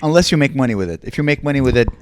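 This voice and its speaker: A man's voice: medium pitch, animated, rapid-fire. A young man co-hosting a comedy podcast, teasing and crude, laughing often. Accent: Montreal English. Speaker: podcast co-host. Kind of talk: casual comedic banter.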